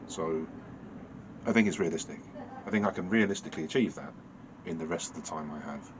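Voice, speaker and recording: UK man, deep low voice, dry casual beer-review vlogger, ums and restarts, clear background noise. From United Kingdom. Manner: dry, understated, musing with many fillers and self-corrections.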